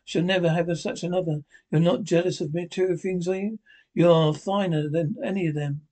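A man's voice: high voice, steady tone, a little fast, warm tone, lightly acted. A man reading as an earnest painter. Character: earnest grown male painter, devoted to his art.

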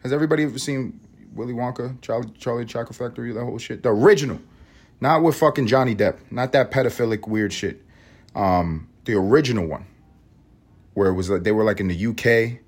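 A man hosts his own podcast alone, rambling through a profane, animated rant. His voice has a husky edge and sits at an ordinary middle pitch. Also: quick pace. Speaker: podcast host.

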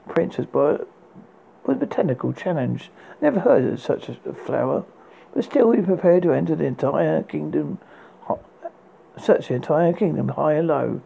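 Gravelly man reading a fairy tale. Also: fairly high pitch, lively intonation, normal speed, warm tone, muffled recording. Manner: unpolished reading with frequent stumbles and restarts. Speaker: narrator. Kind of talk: storybook reading.

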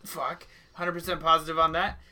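A man's voice: on the high side, level tone, normal speed, pushed and bright. Brash, swearing male podcast co-host. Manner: brash, profane, joking. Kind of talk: casual podcast chat.

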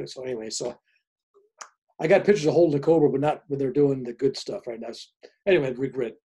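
A man in his seventies, a spiritual author appearing as a guest, who tells stories in an animated way and chuckles as he goes. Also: mid-range voice, quick pace, breathy edge. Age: 70s. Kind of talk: casual storytelling.

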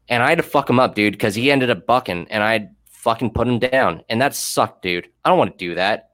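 A man's voice: medium pitch, animated, brisk, few pauses, fairly bright tone, dry recording, studio quality. A man who worked as a prison guard, telling blunt, profane stories in a casual podcast chat that turn heated.

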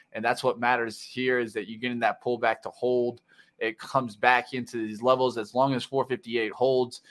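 A man hosting a live stock market show, walking through charts and pumping up viewers to like the stream. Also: mid-range voice. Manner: energetic, pumps up viewers.

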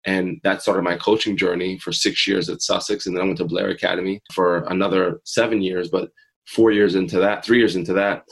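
Low gravelly man telling his story. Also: fairly even intonation, a little fast, low-quality recording. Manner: earnest, plays his own past thoughts. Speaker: interview guest, mindset coach. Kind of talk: personal storytelling in a podcast interview.

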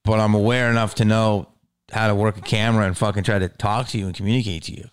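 A man hosting his own podcast, rambling in a casual, profane monologue that swings from mumbles to loud outbursts. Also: fairly low pitch, flat delivery, fast talker, clean tone. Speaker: podcast host.

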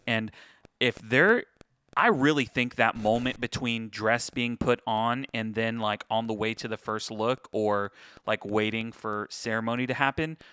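A man's voice: medium pitch, bright, forceful tone, no echo. A man co-hosting a casual podcast chat, telling stories from his work as a wedding photographer. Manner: chatty, storytelling, says "dude".

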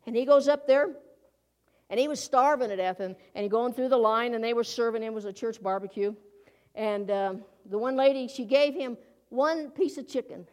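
A woman's voice: a little high, moderate pace, darkish tone. A woman preaching a conversational sermon in a folksy manner, often asking her listeners rhetorical questions.

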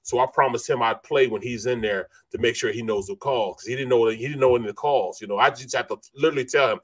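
A middle-aged former NFL lineman, now a co-host, tells a laid-back sports story in casual chat, sprinkling in "bro" and "man" and acting out the quotes of others in it. His voice is medium-pitched and quick, with a breathy edge.

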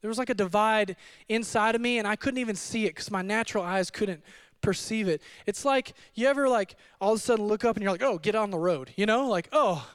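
A man preaching a sermon as pastor, telling his story in an animated, conversational way with frequent asides to the room. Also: high voice, quick pace, clean tone. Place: church hall.

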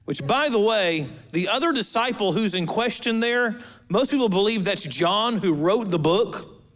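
High-voiced pastor preaching with humor. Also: male voice, animated, measured pace, fairly bright tone. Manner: humorous, conversational preaching with asides to the congregation. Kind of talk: sermon.

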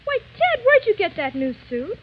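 A brisk, bright-voiced young schemer. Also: female voice, very high voice, sing-song. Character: brisk young woman scheming with two men. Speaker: female lead in a radio comedy. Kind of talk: 1940s radio comedy acting. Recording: old radio broadcast, dull with hiss.

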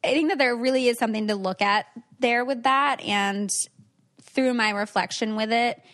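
A woman's voice: fairly high pitch, moderate pace, fairly bright tone. A young adult woman hosting a podcast, talking in a reflective, casual way with many "like"s. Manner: reflective, says "like" often. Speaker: podcast host. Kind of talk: casual chat.

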